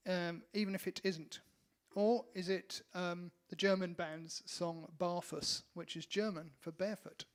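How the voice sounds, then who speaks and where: A man co-hosting a casual live-stream music show, playful and quick with teasing asides. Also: high voice, fairly even intonation. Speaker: band member and co-host.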